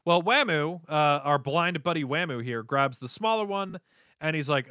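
A man co-hosting a casual podcast, animatedly retelling an anime plot with quick voice impressions and laughter. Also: fairly high pitch, animated, bright, forceful tone, clear, resonant tone, no echo, studio quality. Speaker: podcast co-host recapping an anime. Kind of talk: casual chat.

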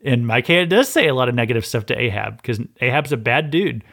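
A man hosting a Bible teaching podcast, reading passages and retelling the stories in a lively, conversational way, often restarting his words. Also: medium pitch, a little fast, vocal fry. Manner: animated storytelling, acts out scenes, repeats words when he starts a phrase.

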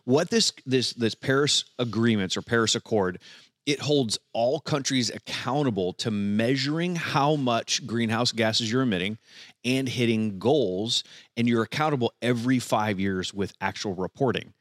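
A man co-hosting a podcast in casual chat, chatty and quick to laugh with jokey asides. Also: medium pitch, fairly bright tone, dry recording, studio quality. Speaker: podcast co-host.

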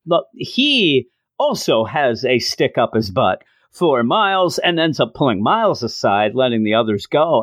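A man's voice: fairly high pitch, no echo, clean studio sound. A middle-aged man casually reviewing a comic book, enthusiastic and rambling with frequent restarts.

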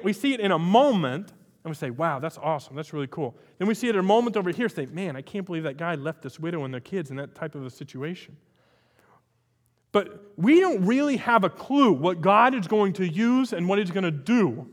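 A man's voice: sits high, long reverb tail. A man preaching a sermon as pastor, emphatic, repeating phrases for emphasis.

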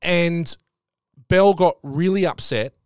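A man's voice: on the high side, slow, clean tone, no room sound, studio quality. A middle-aged Australian man co-hosting a podcast, telling a story in a casual chat and getting worked up as he goes. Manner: animated storytelling, voice jumps up when worked up. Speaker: podcast co-host.

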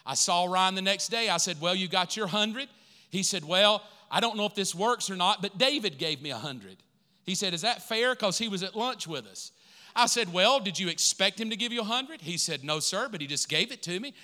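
A male pastor tells stories from the pulpit with an animated, rising delivery. His voice sits fairly high and sounds very bright, almost piercing. A long reverb trails each phrase, as in a large church hall. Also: moderate pace. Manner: animated, rising to excited emphasis. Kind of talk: storytelling sermon.

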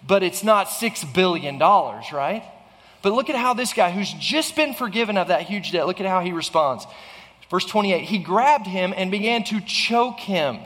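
A man's voice: sits high, lively intonation, moderate pace, fairly bright tone. Earnest preaching man in a reverberant hall. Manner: earnest preaching with frequent restarts and rhetorical questions. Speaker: pastor. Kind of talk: sermon.

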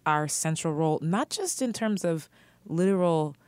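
A woman's voice: sits low, expressive, moderate pace, a little mellow, clean tone, no echo. A woman co-hosting a podcast in casual chat, heated and swearing freely, with frequent laughs. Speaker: podcast co-host.

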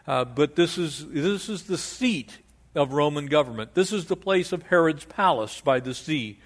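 An older man preaching an expository sermon in an animated, conversational way, often restarting his sentences. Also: fairly high pitch, moderate pace. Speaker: pastor.

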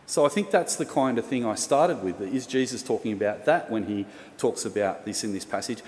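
This Australian pastor's fairly low, slightly mellow voice moves briskly as he preaches a storytelling sermon. He recounts a personal story casually and chattily, poking fun at himself, in a reverberant hall with faint room noise.

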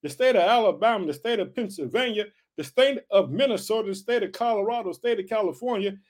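Male podcast preacher, forties, high-pitched and fervent, repetitive exhortations. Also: quick pace. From United States. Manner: fervent, repetitive calls of hallelujah and family.

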